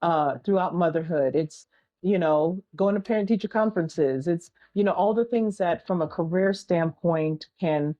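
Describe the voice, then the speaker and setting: A woman's voice: on the low side, lo-fi sound. A middle-aged woman answering interview questions earnestly as an entrepreneur and single mother, often repeating a refrain and using analogies.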